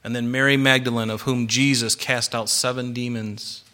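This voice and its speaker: Male pastor, bright forceful tone, preaching with slow emphatic stresses. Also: mid-range voice, flat delivery. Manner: emphatic, varies loudness and slows for stress. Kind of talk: sermon.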